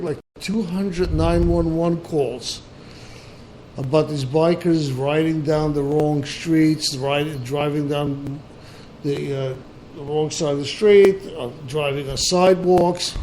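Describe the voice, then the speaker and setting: A male talk-show host chats loosely, stumbling through fillers and circling back on his sentences. His voice sits a little high for a man. There is a faint hiss of noise behind the recording. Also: a little mellow, poor audio. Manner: rambling, many fillers and restarts. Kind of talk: casual call-in show chat.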